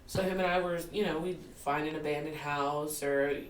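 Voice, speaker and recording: A woman's voice: sits low, moderate pace, slight background noise. A woman in her forties telling her life story as a podcast guest, laughing often and acting out what people said. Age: 40s. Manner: animated storyteller who acts out quotes and laughs often. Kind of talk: casual storytelling in an interview. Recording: roomy, distant mic.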